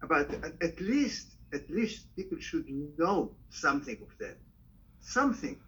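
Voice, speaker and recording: Older male guest, high voice, halting delivery, faint background noise. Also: huge pitch swings, a bit bright, rough recording. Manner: halting, repeats words, switches languages. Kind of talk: casual conversation.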